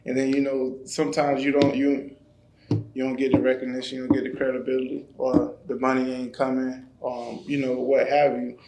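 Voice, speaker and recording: A man's voice: medium pitch, monotone, normal speed, vocal fry, noisy background. A man from Florida, a trainer talking earnestly and loosely as a podcast guest. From Florida, USA. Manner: earnest, loose, repeats "you know what I mean". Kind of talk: casual conversation. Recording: roomy echo.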